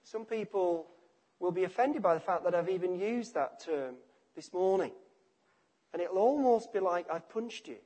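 High-voiced man preaching a sermon. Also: expressive, normal speed. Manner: emphatic, repeats phrases, drops to quiet endings.

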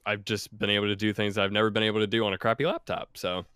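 A man's voice: lowish voice, little pitch movement, fast talker, a bit bright, smooth, no echo, clean studio sound. A young man on a podcast, telling a work story in a laid-back, rambling way with lots of fillers. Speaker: podcast regular. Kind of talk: casual storytelling.

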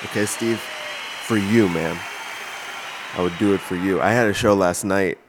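A man's voice: deep voice, moderate pace, noisy background. A man hosting a solo comedy podcast from his kitchen, rambling and joking at his own expense into a microphone. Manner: rambling, self-mocking, jokey. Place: home kitchen, alone. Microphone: studio-style microphone.

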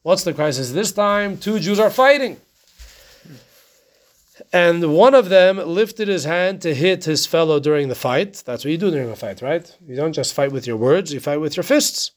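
A man's voice: fairly high pitch, expressive, normal speed. Chatty man teaching a Torah class. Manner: conversational, keeps asking "right?" and posing rhetorical questions.

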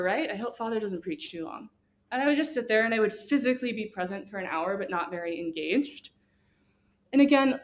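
Young woman, guest speaker, casual and earnest, chatty delivery full of fillers. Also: mid-range voice. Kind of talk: faith talk to students.

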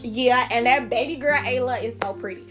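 A young woman chats loosely on her solo podcast and speaks straight to her listeners. Her voice sits a little high, and faint music plays under it. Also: moderate pace. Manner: chatty, informal, talks straight to listeners. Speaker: podcast host. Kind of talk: casual solo podcast chat.

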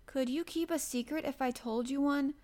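A shy little girl, bright and eager, her questions rising high and earnest, as a woman reader puts her on. A storybook voice, raised well above the reader's own. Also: normal speed, natural voice.

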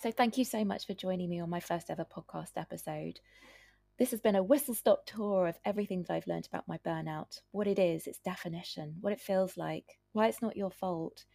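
Husky woman, earnest podcast advice. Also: on the low side, fairly quick, dark tone, no echo. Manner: earnest, advising listeners directly. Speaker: doctor and podcast host. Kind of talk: solo podcast monologue.

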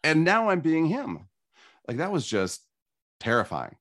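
Guy telling his life story, really lively pitch, earnest. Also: unhurried. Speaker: guest sharing his story. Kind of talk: personal storytelling in conversation.

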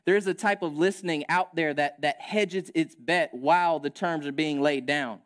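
A male pastor preaching with a slightly raised pitch, talking to his congregation like a friend. He acts out the voices in his stories and swings between punchy lines and quiet, earnest ones. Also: normal speed. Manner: conversational, animated preaching with acted-out quotes. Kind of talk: sermon.

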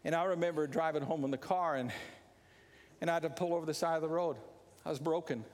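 High-voiced preaching man, echoing hall. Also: steady tone, fast talker. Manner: impassioned, repetitive exhortation, rising to shouts. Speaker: pastor. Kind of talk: sermon. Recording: long reverb of a large hall.

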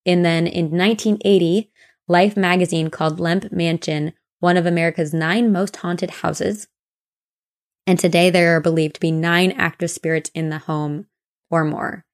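Lower-voiced woman telling ghost stories. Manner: chatty, animated retelling with quoted voices. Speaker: podcast co-host. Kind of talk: casual chat, storytelling ghost lore.

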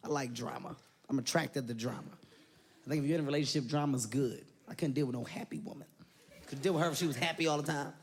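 A young man doing an animated, profane stand-up routine on stage in front of a live audience. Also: mid-range voice, quick pace. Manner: animated, loud and profane, jumps into voices. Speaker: stand-up comedian. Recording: live comedy club with audience noise.

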